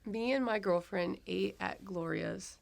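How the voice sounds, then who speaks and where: A woman's voice: medium pitch, measured pace, gravelly. A woman, chatting casually as an interview guest in a rambling, self-deprecating way. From Ohio, USA. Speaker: actress guest.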